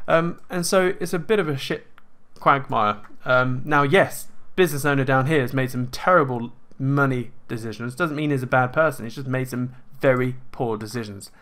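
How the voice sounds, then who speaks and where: A man's voice: mid-range voice, moderate pace, few pauses. A man hosting a casual monologue, asking rhetorical questions and acting out what others would say. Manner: animated, rhetorical questions, acts out quoted voices. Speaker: host.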